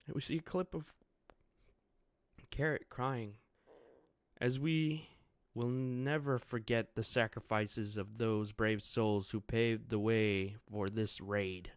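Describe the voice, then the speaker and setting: A man's voice: on the low side, steady tone, slow, smooth, no echo, clean studio sound. Man giving chuckling casual commentary. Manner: amused, chuckling asides. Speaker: chapter reviewer.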